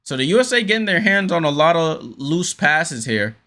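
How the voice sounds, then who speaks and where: Hosting a laid-back watchalong for fans, a man with a fairly high pitch calls the game play by play at a normal speed. He leans on lots of fillers and suddenly jumps with excitement on big plays.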